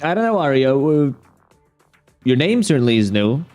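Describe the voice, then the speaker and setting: A man's voice: mid-range voice, sing-song, moderate pace, a little mellow, soft background music. A young man streaming games, ranting casually, profane and exasperated, rambling with many restarts. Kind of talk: casual livestream rant.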